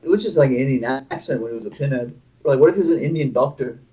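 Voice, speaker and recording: A man's voice: medium pitch, racing, mellow, highs cut off. A man joining a casual livestream chat, talking loosely.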